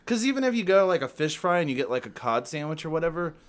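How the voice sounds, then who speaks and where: A man co-hosting a casual podcast chat, quick to argue and swearing freely. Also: fairly high pitch, very animated. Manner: quick, swears a lot, argumentative. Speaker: podcast co-host.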